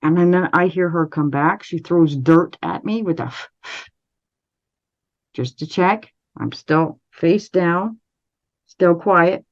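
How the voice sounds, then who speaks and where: A Canadian woman, an interview guest, recounting a personal story in a measured, steady way with frequent restarts. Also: lowish voice, muffled recording.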